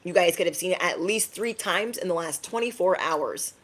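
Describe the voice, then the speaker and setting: A woman giving an energetic tarot reading to her viewers, emphatic and sassy, often tagging her lines with "okay?". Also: on the low side, normal speed. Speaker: tarot reader.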